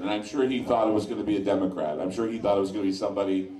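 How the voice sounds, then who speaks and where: In a low, mellow voice and at a racing pace, a man hosts an informal talk before a live audience at a sports lounge. He speaks bluntly with crude asides to the bar crowd, and the echoey recording places his voice far from the mic.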